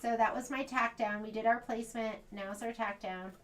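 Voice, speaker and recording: A woman's voice: a little high, fairly even intonation, moderate pace, fairly bright tone. An American woman demonstrating machine embroidery in a sewing shop, chatting casually and thinking aloud as she works.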